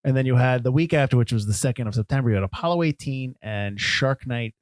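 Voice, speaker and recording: A man's voice: mid-range voice, quick pace, no room sound. A man co-hosting a film podcast in casual chat, jokey and rambling, often laughing. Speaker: podcast co-host.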